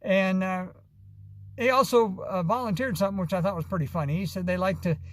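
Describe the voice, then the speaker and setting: Rambling, high-voiced man telling stories. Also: fairly even intonation, a little fast. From Arizona. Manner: rambling, many restarts and "uh" fillers. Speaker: vlogger. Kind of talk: casual storytelling monologue.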